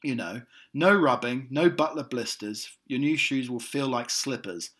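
A man's voice: medium pitch, unhurried, a bit bright. A British man hosting a comedy podcast, rambling and self-amused, with many fillers and restarts. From Britain. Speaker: podcast host. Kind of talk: rambling comic chat. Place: in the United States.

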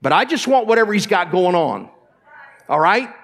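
A man preaches in a church with a voice that sits a bit higher than most men's. He speaks straight to the congregation and keeps asking them to answer him. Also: very animated, moderate pace, creaky, fairly bright tone. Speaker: pastor. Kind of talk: sermon. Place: church sanctuary.

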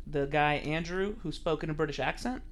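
A man with a slightly high voice co-hosting a casual podcast. He reads his notes aloud and adds dry, sarcastic jokes. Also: fairly quick. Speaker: podcast co-host.

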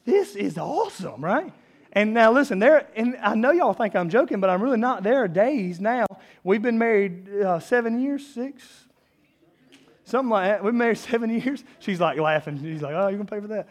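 A man's voice: high voice, expressive, moderate pace. A man in his thirties preaching a sermon as a pastor, conversational and self-deprecating, building to emphatic peaks.

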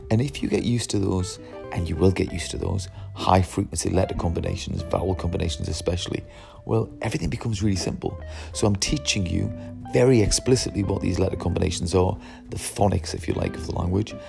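A man's voice: low-pitched, creaky. A man explaining his language teaching method to teachers, emphatic, asking and answering his own questions.

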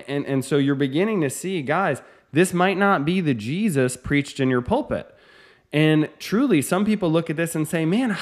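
A man teaching a sermon in an earnest, emphatic way, hurrying through asides and slowing on stressed lines. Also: fairly high pitch. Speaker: preacher.

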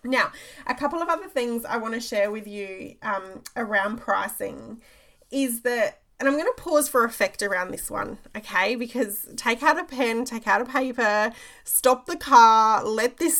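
A woman's voice: fairly high pitch, creaky, a bit bright. A woman, a business coach giving an emphatic motivational talk, repeating phrases and checking in with "okay?".

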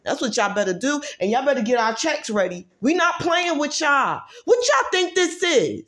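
A woman vlogger in a heated, profane rant who drives her points home by repeating herself and swings between loud outbursts and low muttering. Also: sing-song, normal speed. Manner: profane, emphatic, repeats phrases for force. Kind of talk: heated ranting monologue.

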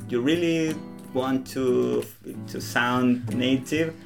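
Guitar music plays behind a young man from Latin America who speaks English with a Latin American Spanish accent, his native language being Spanish. As a podcast guest in casual conversation, he talks slowly in a medium-pitched voice with vocal fry and fairly even intonation, hesitating, often restarting sentences and acting out small snippets of dialogue.

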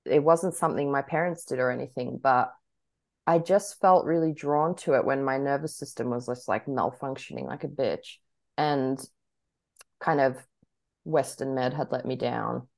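A woman's voice: rumbling low, creaky, darkish tone. A young woman co-hosting a podcast, chatting casually, laughing often and talking in bursts with lots of fillers. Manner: bubbly, laughs often, talks in quick bursts with many fillers. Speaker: podcast co-host. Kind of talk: casual chat.

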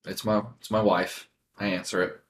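A man's voice: lowish voice, little pitch movement, moderate pace, slight background noise. A man in casual podcast chat, telling a story with lots of "like" fillers and rambling restarts. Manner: rambling, heavy use of "like" fillers.

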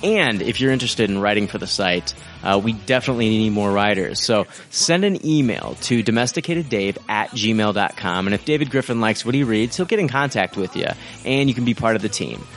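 A man's voice: fairly low pitch, expressive, brisk, hardly any pauses, fairly bright tone, soft background music. A man hosting a podcast, joking and laughing often as he wraps up the episode. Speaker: podcast host. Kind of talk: casual chat and sign-off.

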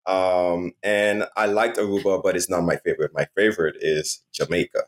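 A man from Saint Martin with a Caribbean accent, talking as a podcast guest in a relaxed, casual way with many fillers and restarts. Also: sits low, normal speed. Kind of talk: casual interview chat.

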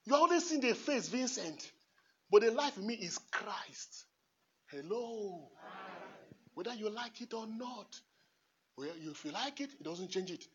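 A man preaching a homily as a priest in church. He repeats phrases emphatically and swings from hushed asides to shouts, laughing often. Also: sits high, lively intonation, a little slow, long pauses, slight background noise. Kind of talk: impassioned homily. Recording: dull lo-fi recording.

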